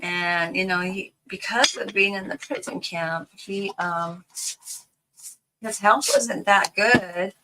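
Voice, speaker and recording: A woman's voice: mid-range voice, fairly even intonation, slow pace, very noisy. An older woman chatting casually while crafting at home, rambling through a family story and laughing easily. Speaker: craft vlogger.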